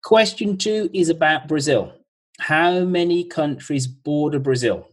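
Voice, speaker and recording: Husky man reading quiz questions. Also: on the high side, rough recording. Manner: chatty, reads questions slowly twice. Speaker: podcast host running a quiz. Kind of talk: live video-call podcast quiz. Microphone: video call.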